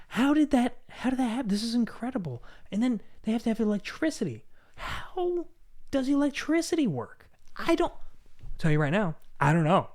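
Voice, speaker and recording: A young adult man hosting a casual motivational talk, animated and excitable, often breaking into laughter. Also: fairly high pitch. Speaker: host.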